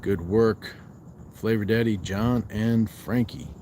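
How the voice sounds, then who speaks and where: A man's voice: lowish voice, steady tone, takes it slowly, mellow, a little hiss or hum. A man hosting a fitness livestream, chatting casually outdoors at night while resting on a walk and reading viewer comments aloud.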